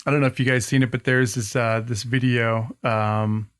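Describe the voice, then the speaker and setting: A man's voice: mid-range voice, flat delivery, moderate pace, loud music behind the voice. A man hosting a casual podcast chat, telling a story with hesitant ums and restarts. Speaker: podcast host.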